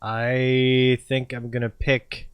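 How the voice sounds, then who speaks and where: A man's voice: mid-range voice, completely flat delivery, slow, clear, resonant tone, no echo. A man commenting on a game playthrough, joking around, laughing often and reading lines aloud in voices. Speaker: gaming channel host.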